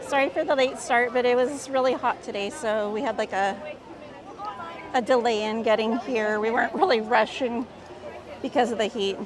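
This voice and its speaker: A woman hosting a casual live stream outdoors in a busy theme park. She chats upbeat with viewers, a little hoarse, on a handheld phone. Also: a little high, steady tone, moderate pace. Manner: chatty and upbeat, reads out viewer comments. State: slightly hoarse, voice cutting in and out. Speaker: livestream host. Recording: loud crowd and outdoor noise.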